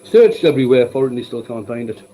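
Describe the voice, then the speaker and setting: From his home workshop, a man hosts a live woodturning stream, chatting casually as he works. His mid-range voice is animated and fast, full of wry, dry jokes, and the recording quality is low.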